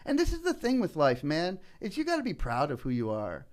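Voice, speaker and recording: A middle-aged man telling personal stories in a casual podcast chat, earnest and animated, often saying "man" and "you know". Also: on the high side, fairly quick. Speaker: political candidate guest.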